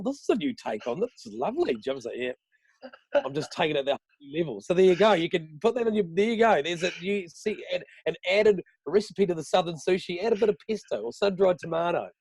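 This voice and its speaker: NZ radio host as podcast guest; higher male voice, rambling, sweary, dry close sound. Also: a little fast, breathy edge, no room sound. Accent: New Zealand. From New Zealand, Southland. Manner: swears freely, rambling and animated. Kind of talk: casual chat.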